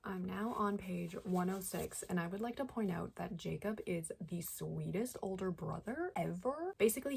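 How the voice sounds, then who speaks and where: A young woman talks casually about a novel for her book channel, saying "like" constantly and reacting with feeling. Her low voice is gravelly and husky. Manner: chatty, heavy use of "like", reacts with feeling. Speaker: book vlogger. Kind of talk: casual book review chat.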